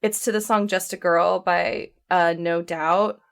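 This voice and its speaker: Woman, podcast co-host, smooth clear voice, chatty animated recap. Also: lowish voice, a little slow. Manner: chatty, animated storytelling with frequent fillers and laughs. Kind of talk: casual chat recapping a movie.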